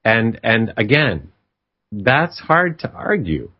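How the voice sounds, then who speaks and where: A man's voice: fairly low pitch, very animated, slow. A man casually telling a story in an emphatic, reflective way, often retelling a conversation. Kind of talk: casual spoken storytelling monologue. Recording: slightly dull lo-fi recording.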